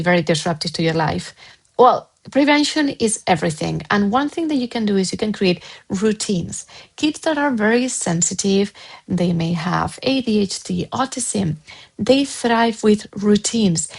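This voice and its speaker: A woman parent coach speaking in a mid-pitched voice. She talks directly to the viewer with earnest emphasis and repeats her key points to drive them home. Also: darkish tone, poor audio. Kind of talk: direct advice to camera.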